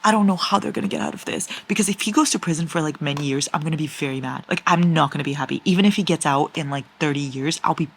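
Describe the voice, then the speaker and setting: A woman's voice: deep voice, fast, few pauses, slight background noise. A young woman book vlogger chatting casually and dramatically about a novel she is reading, with emotional outbursts. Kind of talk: casual reading vlog chat.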